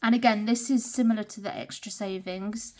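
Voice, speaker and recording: Counting cash into budget envelopes, a young woman from Britain, a budgeting vlogger, chats casually and frequently murmurs figures to herself. She speaks fairly quickly in a medium, slightly mellow voice with fairly even intonation, over a little hiss or hum.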